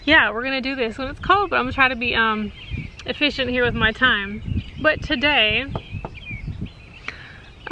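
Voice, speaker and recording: A woman in her thirties talking casually to her viewers outdoors, chatty with many fillers and easy laughs. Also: sits high. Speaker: vlogger. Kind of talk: casual chat. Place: outdoors in cold wind. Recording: wind noise on the mic.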